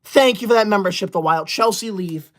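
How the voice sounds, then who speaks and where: A woman's voice: mid-range voice, fairly quick. Mock-outraged woman livestreamer. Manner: mock-indignant, scolding viewers in a theatrical huff. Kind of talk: livestream chat with viewers.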